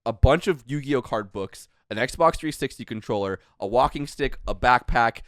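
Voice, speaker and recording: Animated man telling a wild story. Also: medium pitch, normal speed, no echo, studio quality. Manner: animated, swearing, acts out quotes. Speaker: podcast host. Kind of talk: casual storytelling chat.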